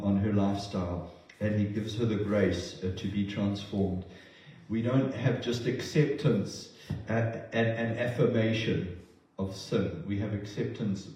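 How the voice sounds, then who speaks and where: A man's voice: on the low side, warm tone. A man preaching a sermon in an earnest, emotional way, often restarting his words. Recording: roomy distant sound.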